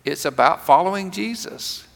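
A man's voice: high-pitched, animated, normal speed, creaky, a bit bright. A male pastor delivering a conversational sermon with humor, often restarting his sentences as he tells a story. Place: church sanctuary. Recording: long reverb of a large church.

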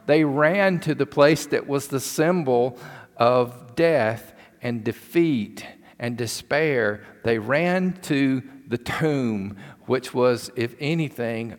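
Male pastor, sermon storyteller, emphatic and repetitive, deliberate pace, echoing sanctuary. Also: medium pitch. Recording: long hall reverb.

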